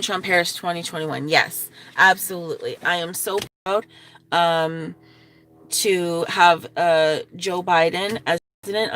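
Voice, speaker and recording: A woman vlogging from her car into a phone, talking in a rambling, halting way with many restarts. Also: fairly low pitch, fairly bright tone. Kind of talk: casual vlog commentary. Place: inside a parked car.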